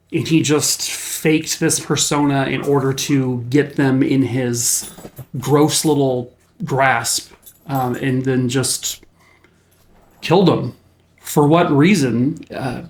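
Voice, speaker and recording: A young man tells a true crime story off the cuff, in a plain mid-pitched voice. He takes it slow and deliberate, pausing on his words and dropping the odd casual filler. It sounds like a channel host talking straight to his viewers.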